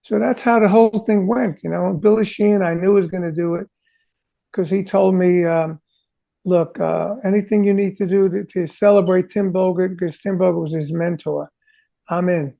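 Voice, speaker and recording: A man, a rock drummer, chatting as an interview guest, telling animated stories and acting out conversations he had. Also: sits high, moderate pace, creaky, muffled recording. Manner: animated, sings drum parts vocally; acts out quoted conversations. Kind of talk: casual storytelling interview.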